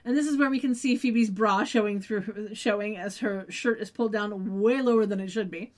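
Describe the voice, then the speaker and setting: A woman co-hosting a podcast, retelling a TV episode in relaxed, agreeable casual chat. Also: medium pitch, normal speed. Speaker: podcast co-host.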